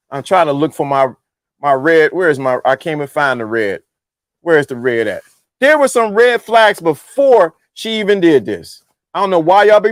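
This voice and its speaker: A man hosting a casual livestream, talking emphatically and repeating his points while greeting viewers in the chat. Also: high-pitched. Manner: animated, emphatic, repeats himself. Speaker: livestream host.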